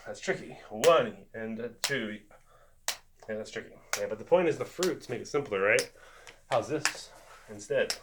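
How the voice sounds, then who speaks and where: Man chanting fruit rhythms in a lesson. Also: mid-range voice. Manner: chants fruit words to rhythms, chatty asides. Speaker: music teacher. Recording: noisy home recording.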